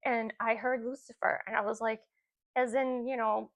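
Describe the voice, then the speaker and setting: A woman's voice: fairly high pitch, little pitch movement, normal speed. A woman in her forties casually telling a personal spiritual story, rambling with many fillers and asides. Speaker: spiritual content creator.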